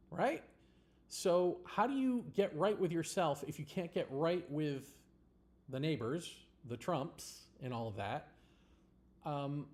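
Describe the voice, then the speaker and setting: A livestream host with a fairly high, slightly mellow male voice delivers a casual political monologue. He rambles bluntly, swearing and laughing along the way.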